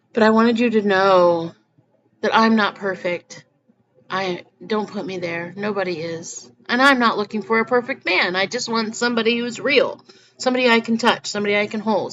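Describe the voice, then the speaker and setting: In this rambling vlog, a woman who shares spiritual content talks sincerely to her audience and keeps restarting sentences. She has a mid-range, fairly bright voice, recorded slightly muffled over faint background noise.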